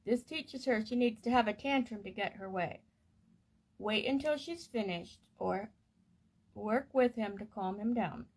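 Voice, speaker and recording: Slow, gentle woman reading aloud. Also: on the high side, husky. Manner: gentle, measured and soothing. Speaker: reader of a parenting course text.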